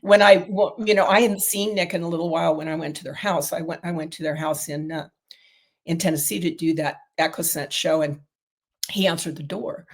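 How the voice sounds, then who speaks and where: A woman's voice: sits low, vocal fry. A middle-aged woman, a guest on an interview, telling long stories in casual talk with many fillers and restarts. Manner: rambling, storytelling with many fillers. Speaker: guest, diet protocol developer.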